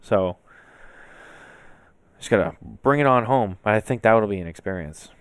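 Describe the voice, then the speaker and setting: A chatty male podcast co-host with a somewhat low voice and an emphatic, rambling way of talking. The sound is dry and close, with little room echo. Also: lively intonation, moderate pace, fairly bright tone, clear, resonant tone. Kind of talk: casual chat.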